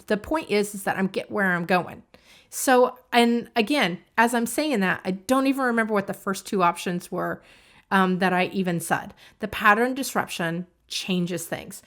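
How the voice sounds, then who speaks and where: A woman coach teaching in a casual, conversational way, slipping into acted-out self-talk with shifting emphasis. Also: mid-range voice. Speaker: creativity coach.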